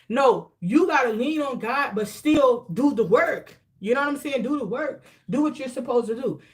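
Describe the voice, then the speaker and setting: A woman's voice: fairly high pitch, expressive, normal speed, few pauses. A woman giving a casual spiritual tarot reading, emphatic and repetitive as she hands out advice in loose, slangy talk. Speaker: tarot reader and spiritual coach.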